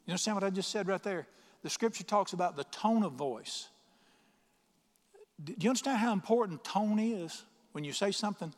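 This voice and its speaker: A middle-aged man delivers an emphatic sermon, reading scripture slowly and firing questions at the congregation. His voice sits a little high for a man, and it rings out through a large church hall with a long reverb. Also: lively intonation. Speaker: pastor.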